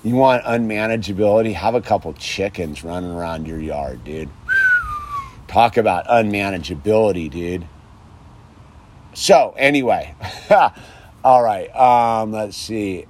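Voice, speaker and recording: A man with a somewhat low voice, talking loosely and off the cuff outside in his yard. He wanders from thought to thought in a casual monologue and caps his lines with "dude" or "man.". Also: measured pace, a little mellow, a little hiss or hum. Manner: loose and rambling, says "dude" constantly. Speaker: vlogger speaking on sobriety and faith. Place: outdoors in a home yard.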